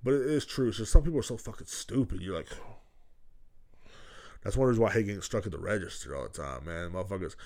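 A man in his thirties talks alone into his podcast mic in a slightly low voice. He rambles loosely and swears constantly. He keeps checking in with his listeners as he goes. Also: animated, fast talker, vocal fry, darkish tone. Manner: rambling and heavily profane, with constant "you know what I'm saying". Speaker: podcast host. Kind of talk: casual solo podcast talk.

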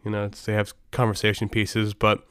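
A man's voice: lowish voice, completely flat delivery, brisk, fairly bright tone, clear, resonant tone, dry recording, studio quality. A middle-aged man hosting a podcast, chatting casually in a rambling way and often restarting his sentences. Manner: rambling, self-interrupting, frequent restarts. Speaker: podcast host.

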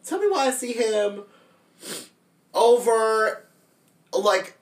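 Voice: medium pitch, big pitch swings, drawn-out words, echoey room, distant mic. A young podcast co-host telling a blunt, teasing story in casual gossip chat.

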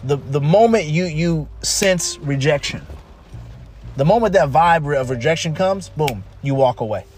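A man's voice: on the high side, expressive, normal speed, a little mellow. Emphatic man in his thirties. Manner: emphatic, repetitive, restarts often. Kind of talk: casual monologue. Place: home during a rainstorm. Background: pouring rain, faint music.

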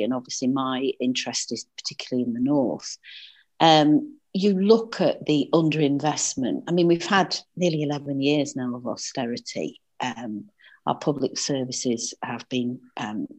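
A woman's voice: rumbling low, a little mellow. A woman with a Northern English accent, speaking earnestly as a political campaigner in an interview, with frequent fillers and restarts.

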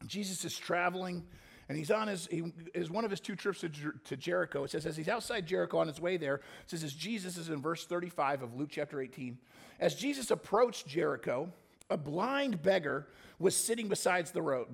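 A man's voice: a little high, animated, brisk, vocal fry, breathy edge. A male pastor preaching a sermon, telling a story with dramatic shifts.

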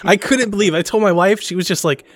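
A man in his thirties co-hosting a casual chat, telling animated stories. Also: high voice, quick pace, no room sound. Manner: animated storyteller, acts out family quotes with laughter. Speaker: podcast co-host.

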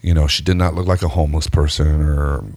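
Deep-voiced man telling an animated story. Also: quick pace, dry recording. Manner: animated storyteller, jumps high when acting out quotes, laughs often; swears freely, says "bro" and "dude". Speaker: podcast co-host telling a story. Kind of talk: casual storytelling chat.

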